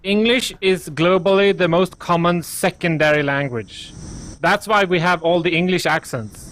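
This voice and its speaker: Soft-spoken hesitant man, slightly higher voice. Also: normal speed. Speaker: streamer playing a game. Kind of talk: casual chat while gaming.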